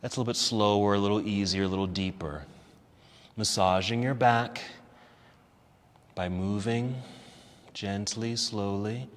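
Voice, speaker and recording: Calm low-voiced man leading yoga. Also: unhurried, pauses often, long reverb tail. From United States. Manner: calm, cueing poses step by step, softening toward relaxation. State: a little out of breath. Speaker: yoga teacher. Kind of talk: guided yoga class instruction. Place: yoga studio.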